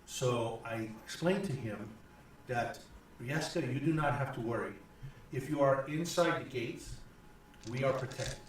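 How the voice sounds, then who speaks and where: A man voicing a kindly older male village priest, gentle, earnest and halting. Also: mid-range voice, slight background noise, natural voice. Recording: echoey room from far off.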